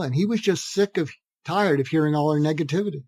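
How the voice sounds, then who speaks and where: An older man, a psychiatrist guest on an interview podcast, telling animated anecdotes and acting out the dialogue in them. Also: fairly high pitch, a little fast, no room sound.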